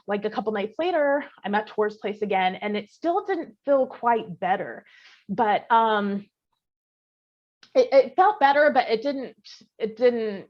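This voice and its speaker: A woman co-hosting a podcast, telling a scary story in a casual, animated way, full of fillers and the odd swear word. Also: medium pitch, highs cut off. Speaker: podcast co-host.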